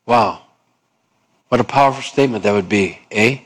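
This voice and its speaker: A man's voice: lowish voice, moderate pace. A male preacher giving a sermon, asking his listeners rhetorical questions and acting out little dialogues.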